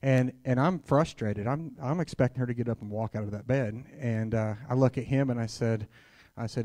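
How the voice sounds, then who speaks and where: A man's voice: medium pitch, moderate pace, mellow, no room sound. A man preaching a sermon at a church conference, telling stories in a candid, conversational way and sprinkling in "hallelujah.". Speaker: guest preacher.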